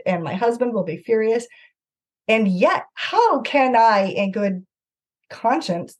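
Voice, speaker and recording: A middle-aged woman guest recounting a personal story with earnest animation, often slipping into the voices of the people involved. Her voice has a slightly husky, breathy edge. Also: on the high side. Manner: earnest, animated anecdote-telling with acted-out quotes. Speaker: author and guest. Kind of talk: conversational storytelling.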